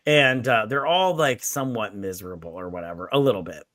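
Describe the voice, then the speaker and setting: A man's voice: lowish voice, a little fast, fairly bright tone, dry recording, clean studio sound. A man co-hosting a casual, tipsy movie review, rambling through the plot and quoting characters with plenty of swearing. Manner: rambling, retells scenes with quoted voices and swearing.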